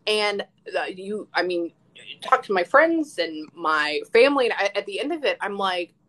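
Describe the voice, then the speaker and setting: A woman who works as a psychic medium, telling stories in casual live-stream chat, animated, swearing freely and acting out quotes. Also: medium pitch, normal speed, rough recording.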